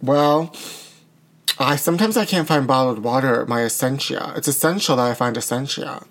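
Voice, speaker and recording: A man hosts a chat show with dramatic, gossipy flair. His everyday-pitched voice rises and falls as he spills opinions, dropping "honey" into his banter. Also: normal speed, a bit bright. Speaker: talk show host. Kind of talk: casual banter.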